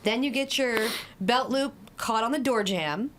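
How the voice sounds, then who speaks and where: A woman's voice: fairly high pitch, unhurried, a little hiss or hum. A woman in her forties, an addiction coach and podcast guest, explaining her methods in a direct, no-nonsense way with everyday examples. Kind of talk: podcast interview.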